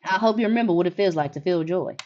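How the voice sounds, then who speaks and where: A woman's voice: fairly low pitch, fast, a little mellow, dull audio, lightly acted. A woman reading the lines of a relentlessly cheerful, hopeful man in a game, in an upbeat, reassuring way.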